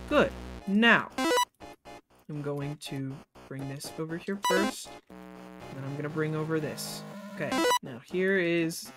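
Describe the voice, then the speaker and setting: A livestreamer giving live gameplay commentary, frustrated and swearing a lot, talking to themself and to chat, swinging from low muttering to sudden loud outbursts.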